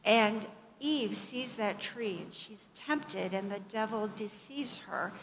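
A middle-aged woman preaching a sermon in a conversational, animated way, with asides and acted-out quotes. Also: medium pitch. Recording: long hall reverb, faint background noise.

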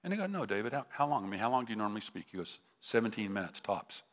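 A visiting preacher, middle-aged and American, delivers a funny sermon story in a casual style with many restarts. He's very animated and rapid-fire in a lowish voice, recorded in a reverberant hall.

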